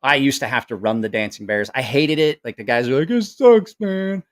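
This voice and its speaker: A man's voice: mid-range voice, brisk. A middle-aged man chatting casually to a live audience from home, telling rambling stories with lots of swearing and laughter. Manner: profane, laughing, animated storyteller. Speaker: livestream host. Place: at home, family nearby.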